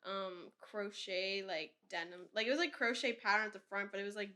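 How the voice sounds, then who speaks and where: Woman, 20s, podcast host, casual rambling chat, filler-heavy, bright tone. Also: medium pitch, fairly even intonation, a little fast. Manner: rambling, heavy use of "like", laughs often.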